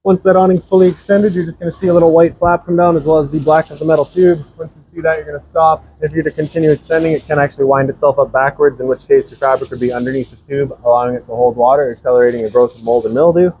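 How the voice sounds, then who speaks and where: A man's voice: a little high, level tone, rapid-fire, few pauses, mellow, a little hiss or hum, rough recording. A man giving a practical, instructive walkthrough of a travel trailer, outdoors and then inside it. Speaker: RV sales walkthrough presenter. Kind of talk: casual product walkthrough.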